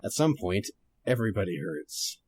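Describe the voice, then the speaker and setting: A man's voice: fairly low pitch, big pitch swings, normal speed, a little mellow, a little hiss or hum. A young man hosting a podcast, chatting casually and reading a story aloud, laughing often and swearing freely.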